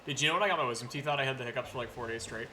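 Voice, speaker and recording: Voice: mid-range voice, racing, heavy background noise. A friend playing a video game together over voice chat, teasing, laughing a lot and swearing, with the hiccups. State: has the hiccups. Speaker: co-op gaming friend. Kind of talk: casual gaming chat.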